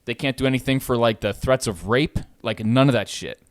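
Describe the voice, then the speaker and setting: A man hosting a podcast, telling a landlord story in a loose, animated way, swearing freely and getting louder as he gets riled up. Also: mid-range voice, a little fast, no room sound, studio quality. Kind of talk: casual podcast chat.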